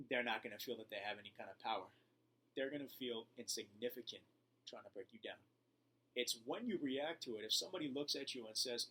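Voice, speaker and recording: Earnest man giving calm advice. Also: mid-range voice, a little hiss or hum, poor audio. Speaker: self-help vlogger. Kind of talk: motivational talk to camera.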